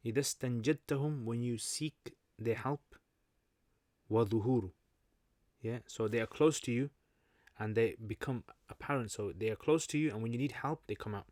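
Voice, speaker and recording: A man's voice: mid-range voice, normal speed, darkish tone, no room sound, studio quality. A British man hosting a casual livestream Q&A, chatty and joking, explaining Arabic terms as he reads through viewer comments. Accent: British English. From Britain. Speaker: livestream host answering chat.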